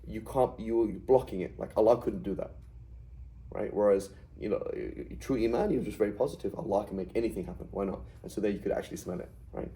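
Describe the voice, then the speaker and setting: A middle-aged man teaches a Quranic Arabic class conversationally, often checking in with "right?" as he explains. His voice is lowish and dark in tone, he talks fast, and the recording is rough.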